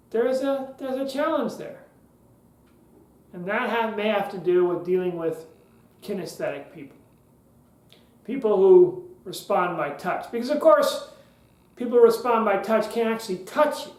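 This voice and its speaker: A man's voice: high-pitched, animated, a little slow, long pauses, reverberant, rough recording. A man hosting a podcast lesson on public speaking, talking in a conversational way with joking asides.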